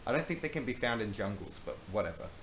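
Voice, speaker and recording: A man with a lowish voice reads aloud and breaks off for dry, self-mocking remarks. The room is roomy and echoey, with a faint hiss underneath. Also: animated, fast, fairly bright tone. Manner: wry, self-mocking asides. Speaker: YouTuber reading his old book. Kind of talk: casual commentary and reading aloud.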